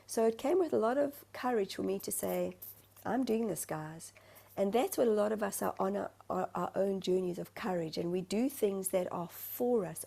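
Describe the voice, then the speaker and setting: A woman's voice: mid-range voice, vocal fry, dark tone. A woman from South Africa, a spiritual medium, talking earnestly over a video call and searching for her words. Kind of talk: heartfelt conversational sharing.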